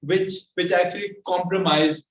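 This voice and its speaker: A man with a Pakistani English accent evaluating a speech at a club meeting, halting and repeating his words often. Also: sits high, steady tone, fairly bright tone. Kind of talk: giving spoken feedback at a club meeting. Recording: echoey room from far off, faint noise.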